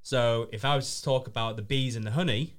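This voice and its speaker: A man hosting a casual show, chatty and playful, with quick asides. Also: medium pitch, fairly even intonation, a bit bright. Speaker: podcast host. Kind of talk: casual chat.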